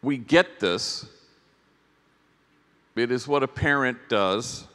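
A priest giving a workshop talk at a conference, telling stories in a gentle, reflective way with pauses. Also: male voice, mid-range voice. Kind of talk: storytelling keynote talk. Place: large conference hall. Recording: long hall reverb.

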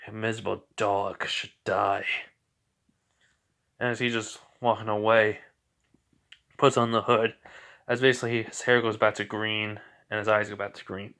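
A man's voice: fairly low pitch, flat delivery, moderate pace, a bit bright, clean tone. A man casually retelling a fan story, rambling and correcting himself as he goes.

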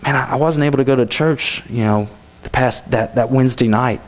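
A man's voice: medium pitch, a little fast. A man giving a youth sermon in a church, speaking casually with many "you know"s and restarts.

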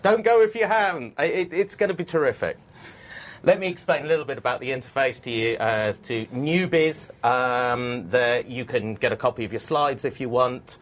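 A man hosts a technology webcast from a studio. He talks in a jokey, teasing way, often restarting his sentences. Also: mid-range voice. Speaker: webcast host. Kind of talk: hosting a studio tech webcast.

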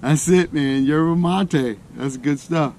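A man chatting casually to camera outdoors by a lake, relaxed and rambling, with many restarts. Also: on the high side, slow, a little hiss or hum. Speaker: outdoor vlogger.

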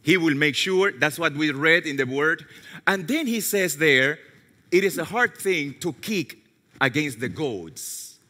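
A male pastor preaching a sermon with animated storytelling and self-mocking humor, sometimes dropping to a hushed low voice. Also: a little slow. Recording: long reverb of a large hall.

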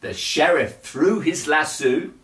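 A man reading a children's bedtime story aloud in a slow, gentle, lilting way. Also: on the high side. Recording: echoey room.

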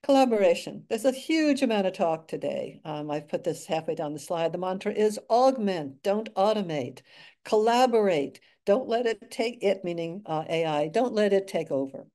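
An older woman gives a measured academic lecture from her slides, her voice mellow and soft-edged. She adds dry asides and pauses on filler words as she goes. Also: medium pitch, animated. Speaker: guest speaker.

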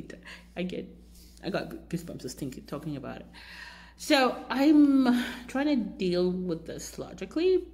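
Woman vlogger, low-ish voice with wide swings, shaken and animated storytelling. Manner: shaken, animated, jumps up high when quoting people. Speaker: life coach telling a personal story. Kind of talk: casual storytelling vlog.

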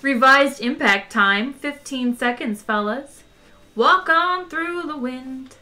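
A woman's voice: fairly high pitch, sharp tone. A woman voicing a cheerful, overly friendly male ship's computer that sings nasally. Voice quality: nasal sing-song. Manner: bubbly, drawn-out, overly friendly.

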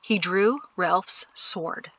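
A woman narrating an audiobook chapter in a steady storytelling manner. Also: lowish voice, drawn-out words, no room sound, rough recording. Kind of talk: scripted narration.

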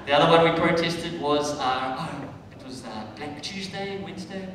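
A South African man doing stand-up comedy, loud and swearing, with shouted punchlines. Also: a little high, normal speed, a crowd in the background. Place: comedy club stage with a laughing crowd. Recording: echoey club room taped from a distance.

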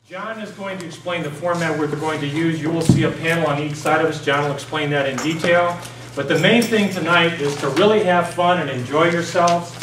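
A man with a fairly high voice opens a club evening in an upbeat, welcoming way. He sounds distant from the mic in an echoey meeting room. Steady background noise runs under his voice. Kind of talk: introducing a club seminar.

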